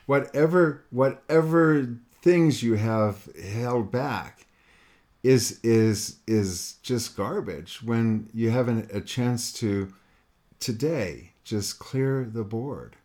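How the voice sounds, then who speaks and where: A man's voice: mid-range voice, slow, darkish tone. A middle-aged man giving an earnest motivational monologue to a listener, repeating his questions and acting out quoted voices.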